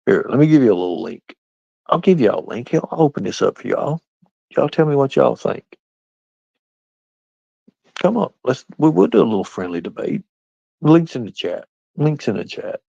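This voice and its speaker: A man's voice: medium pitch, big pitch swings, normal speed, gravelly, long pauses, mellow, breathy edge, dry recording. A man ranting on a casual livestream, combative and confrontational as he answers his chat, over dull lo-fi audio. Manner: combative, confrontational, talks straight back to chat. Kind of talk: casual live-stream rant. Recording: dull, lo-fi dry stream audio.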